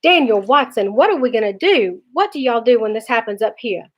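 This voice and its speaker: Brief: woman reading a fretful, gentle storybook mom, shaky voice. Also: on the high side, quick pace, close to an everyday voice. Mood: worried. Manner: shaky, soothing. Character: worried, gentle mother with Southern speech. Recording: dull lo-fi recording.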